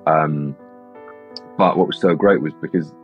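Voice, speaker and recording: A young British man, an actor, chatting casually in an interview, telling rambling, animated stories with lots of restarts. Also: a bass voice, unhurried, faint music behind. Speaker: actor guest. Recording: slightly dull lo-fi sound.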